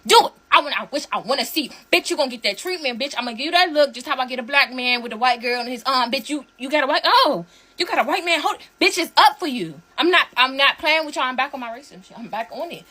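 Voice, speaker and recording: A woman's voice: high-pitched, lively intonation, quick pace, bright, forceful tone. A woman delivering a heated, profane rant straight to camera.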